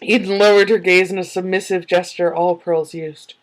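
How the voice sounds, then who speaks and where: A woman's voice: on the low side, fairly even intonation, normal speed, low-quality recording. A woman reading a book aloud in a casual way and breaking off for sarcastic, giggly commentary. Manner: snarky, sarcastic asides; giggles often.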